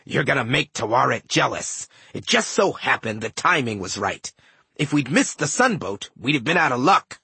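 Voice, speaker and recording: Gruff, teasing male dwarf god, a low growl and blunt talk, husky and dry, voiced by a male audiobook narrator. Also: big pitch swings, normal speed, bright, forceful tone, dry recording, exaggerated voice. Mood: mumbling.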